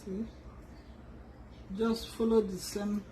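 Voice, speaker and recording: A woman talks through a sewing tutorial at a slow, patient pace, often stopping to rephrase as she works. She sits back from the microphone in an echoey room with a faint hum in the background. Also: medium pitch, little pitch movement, dark tone, far from the mic. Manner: unhurried, restarts and fillers while working. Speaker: sewing instructor.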